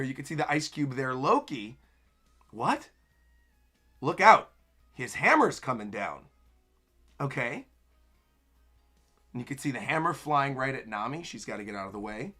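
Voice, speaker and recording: A young man reacting live to a manga chapter, narrating the panels and breaking into excited exclamations. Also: mid-range voice, moderate pace, long pauses, soft background music. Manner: narrates panels while reading aloud. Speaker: anime streamer.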